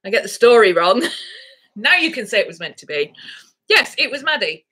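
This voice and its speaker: A woman's voice: a little high, very animated, moderate pace, pushed and bright, slightly rough. A woman vlogger chatting casually to camera, rambling through a story and cooing baby talk at her dogs.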